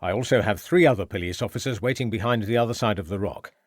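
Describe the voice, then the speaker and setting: Male reader voicing the audiobook inspector: low, firm, unhurried, dry sound. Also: no room sound, close to an everyday voice. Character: calm, resolute male police inspector. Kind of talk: audiobook character voice.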